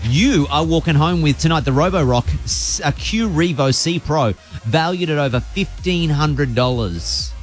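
A radio host man with a fairly high voice, ribbing his producers between quick play-by-play calls. Faint music sits under his voice in the studio. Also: lively intonation. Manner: teasing, jokey, quick play-by-play. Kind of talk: playful radio banter and game commentary.

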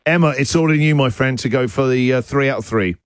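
A man's voice: medium pitch, no room sound. A man hosting a radio breakfast show, chatting playfully with callers and joking often. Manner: playful, quick to laugh and joke. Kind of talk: lively radio chat with callers. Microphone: studio microphone.

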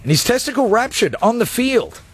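A man's voice: extremely high pitch, sing-song, fairly quick. A man hosting a live radio show, talking in a jokey, rambling, self-mocking way. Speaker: radio host. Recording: studio with music underneath.

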